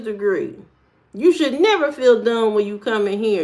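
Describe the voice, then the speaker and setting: A woman's voice: fairly high pitch, expressive, normal speed, a little mellow. An American woman streaming and answering chat in a sassy, joking, slangy way, talking straight to her viewers with frequent fillers. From United States. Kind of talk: casual chat.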